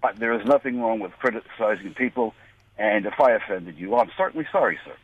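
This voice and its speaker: A man's voice: on the low side, a little fast. An American man calling in to a radio show, indignant and persistent, with a sarcastic edge. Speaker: caller. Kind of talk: call-in radio argument. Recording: dry tinny phone line.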